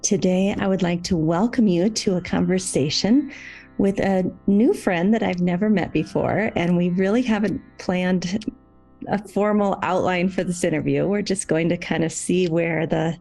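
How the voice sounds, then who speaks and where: A woman hosting a podcast interview, talking in a gentle, encouraging way with a gravelly voice. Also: lowish voice, moderate pace, soft background music. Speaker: podcast host. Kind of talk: casual interview.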